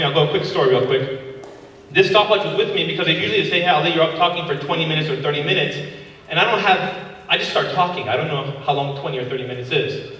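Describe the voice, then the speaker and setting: A man's voice: high-pitched, sharp tone, slight background noise. A man in his thirties doing a stand-up comedy set, working the crowd and acting out voices and sound effects. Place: large hall before a live audience. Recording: echoey hall recorded from far off.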